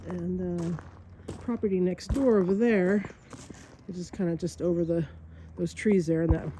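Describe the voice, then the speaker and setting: Lowish-voiced woman walking outside and chatting, bubbly, lots of ums, faint noise behind. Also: steady tone, moderate pace, dark tone, rough recording. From Northern California. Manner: bubbly, laughs often, many fillers. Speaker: vlogger. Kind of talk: walking nature vlog. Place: outdoors, rural property. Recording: faint outdoor background noise.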